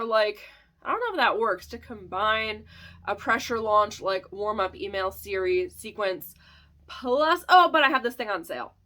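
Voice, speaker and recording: A woman's voice: fairly high pitch, sharp tone. A woman in her thirties talking casually to her vlog audience, chatty and candid, laughing often and using many fillers. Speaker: small business owner vlogging a sales sprint.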